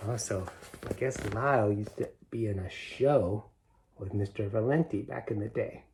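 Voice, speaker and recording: A middle-aged man reading a children's picture book aloud, stopping to explain the pictures in gentle asides. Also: lowish voice, moderate pace. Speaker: storybook reader.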